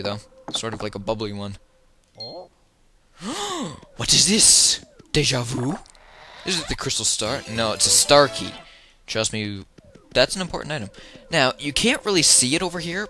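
Lively chatty let's-play guy. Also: mid-range voice, fairly quick, background noise. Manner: chatty, rambling and jokey, with loud excited yelps. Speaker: let's player. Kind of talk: casual gameplay commentary. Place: at home. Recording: video game music playing behind.

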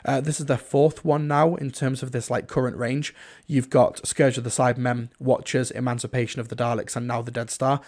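Male reviewer, mid-range voice, relaxed chatty delivery peppered with fillers. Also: mid-range voice, fairly quick. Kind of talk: casual spoken review.

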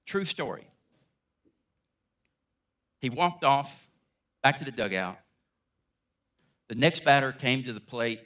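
A middle-aged man speaks as a guest preacher, telling a personal story from the pulpit. His voice is bright and ringing. He acts out each person's lines as he goes. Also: medium pitch, slow, pauses often. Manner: animated storyteller, acts out dialogue. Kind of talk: sermon storytelling.

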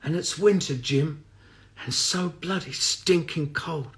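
A man's voice: fairly high pitch, slow, voice pushed up. A man voicing the ghost of a dead, lost brother, with a thin, tremulous, faraway voice. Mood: forlorn.

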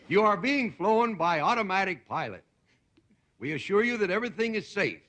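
A man imitating a calm automated airplane announcement in a slow, measured, reassuring tone. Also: high voice. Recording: 1960s TV broadcast with hiss and studio audience laughter.

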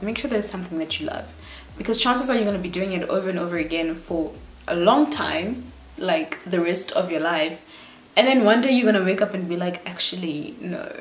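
A young South African woman vlogging life advice in a quick, lively, chatty rush. Her voice sits a little low. The room around her gives a noticeable echo. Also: slight background noise. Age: 20s. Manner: fast, chatty, animated. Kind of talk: casual advice vlog. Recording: roomy echo.

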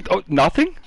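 High, lively trash-talking man. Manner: taunting, mocking, laughing often. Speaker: gamer in online voice chat. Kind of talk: trash-talking game chat.

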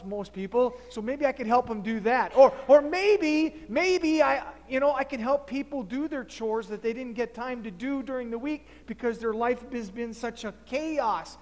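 A man's voice: very high voice, darkish tone. A man pastor preaching in a folksy, stammering, think-aloud way, heard in a reverberant church hall. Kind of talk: sermon.

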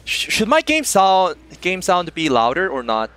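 A young man from South Korea with a Korean accent, chatting casually with viewers while streaming a game, excitable and often laughing. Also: sits high, measured pace. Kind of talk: casual gameplay stream chat.

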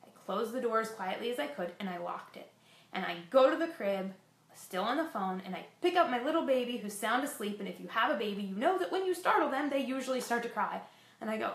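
A fitness vlogger candidly tells her viewers about a frightening personal experience, mixing in self-deprecating asides. Her voice is on the high side with lively intonation, she talks fast, and the recording is reverberant.

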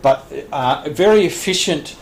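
A man's voice: on the high side, animated, a little slow. A man teaching a radio licence class, explaining plainly with frequent restarts and small laughs. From Australia. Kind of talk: classroom lecture. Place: training room. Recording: echoey room, faint background hiss.

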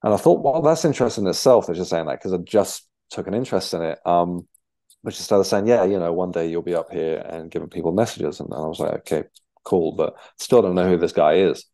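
Low, dark-voiced man telling his story. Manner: halting, with frequent restarts and fillers. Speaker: guest. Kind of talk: conversational storytelling.

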